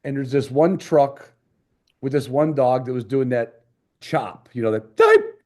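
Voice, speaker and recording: A podcast host with a mid-range, darkish voice tells stories unhurriedly. His casual storytelling chat rambles along with many restarts.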